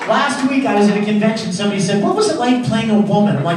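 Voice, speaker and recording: A man with a high, lively voice tells jokey stories at a convention panel. His voice is caught from far off in a big echoing hall, and a loud crowd and constant noise sit behind him. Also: fast talker, few pauses. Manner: animated, jokey storyteller acting out quotes. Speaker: voice actor panel guest.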